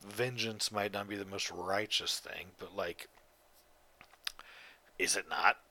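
Man, podcast host, solo monologue, low forceful voice, tired and yawning, profane, rambling. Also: fairly even intonation, slow pace. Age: adult.

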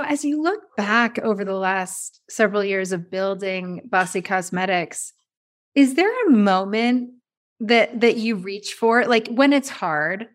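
A woman hosting an interview, encouraging her guest with affirmations and asking open questions. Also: mid-range voice. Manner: warm, encouraging listener with affirmations. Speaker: interview host. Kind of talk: conversational interview.

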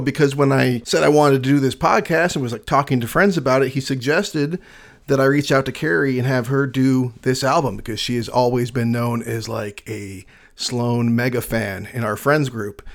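A man's voice: mid-range voice, moderate pace. Chatty podcast host guy, 40s, laughs a lot, lots of um and like. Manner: chatty, laughs easily, many fillers. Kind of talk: casual chat.

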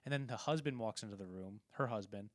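A man's voice: on the low side, fast, no echo, clean studio sound. A man casually talking through a film, rambling and acting out quoted lines as he retells scenes. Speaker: podcast co-host.

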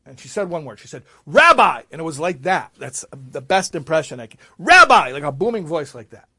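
A man, a rabbi, telling a story in a sermon, swinging from loud emphasis to hushed asides. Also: on the high side, quick pace, husky.

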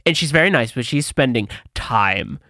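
Here a male co-host of a podcast talks at a normal pace with a medium pitch, his sound dry and studio-clean. Chatting casually, he narrates a story with lively energy and imitates each character's voice.

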